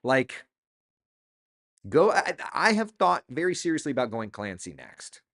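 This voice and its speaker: A man's voice: medium pitch, big pitch swings, a little slow, vocal fry, fairly bright tone. A middle-aged man hosting a casual live chat, reading out viewer comments and talking loosely about books. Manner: chatty, reads viewer comments aloud. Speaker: host.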